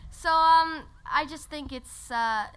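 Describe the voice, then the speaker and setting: High, bright woman panelist; hesitant, searching for words. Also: slow. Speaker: voice actor panelist. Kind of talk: convention panel answer.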